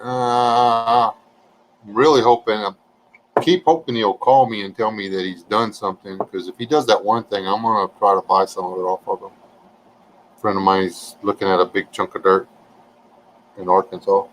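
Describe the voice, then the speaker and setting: A man's voice: on the low side, fairly even intonation, normal speed, a little hiss or hum, poor audio. A man, chatting casually and joking with viewers on a livestream. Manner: folksy, joking, reading chat aloud.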